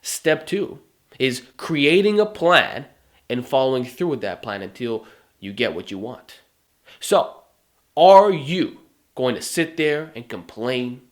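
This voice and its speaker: A man's voice: medium pitch, sing-song, slow. A man giving a motivational fitness monologue to camera, emphatic and full of rhetorical questions. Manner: emphatic, rhetorical questions, mocking put-on whines. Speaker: fitness YouTuber.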